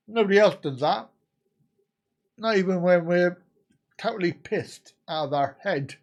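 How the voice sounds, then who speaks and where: A man's voice: high voice, measured pace, long pauses, highs cut off. A man in his fifties from the UK, hosting a casual live stream and bantering crudely with his viewers. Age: 50s.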